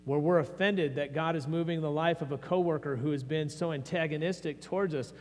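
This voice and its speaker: This pastor's voice is on the high side, with a steady tone and a brisk delivery. Preaching his sermon in a church sanctuary, he stays earnest and conversational, often restarting phrases. The audio has long reverb and a faint hum from the mains.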